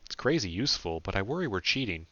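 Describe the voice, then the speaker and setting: A man's voice: lowish voice, sing-song, fast talker, fairly bright tone, no room sound, muffled recording. A man voicing a wry, easygoing young guy. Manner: joking, offhand.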